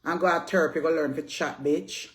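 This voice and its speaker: A woman's voice: low voice, steady tone, normal speed. A woman in her fifties with a Jamaican accent, delivering a heated social media rant, brash and scolding, repeating herself and swearing freely. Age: 50s.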